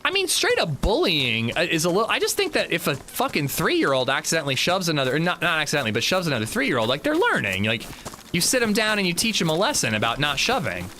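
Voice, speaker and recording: A streamer chats casually while livestreaming a game, telling stories, swearing and acting out the quotes. His fairly high voice swoops wildly in pitch and sounds bright and forceful, and he talks fast over slight background noise.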